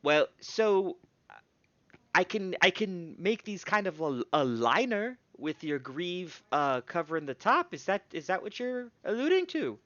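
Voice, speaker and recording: Guy putting on a squeaky flustered gnome lady smith, stammers all over, swoopy voice, dull dry sound. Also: very animated, a little slow, a bit bright, no room sound, heavily acted. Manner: stammering, fluster, repeated words. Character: stout deep-bodied female gnome smith, flustered.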